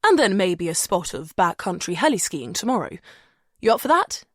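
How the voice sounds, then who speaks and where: A woman's voice: medium pitch, very animated, normal speed, fairly bright tone, no room sound, studio quality. A woman doing a cheerful, teasing man. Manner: jokey, chummy banter.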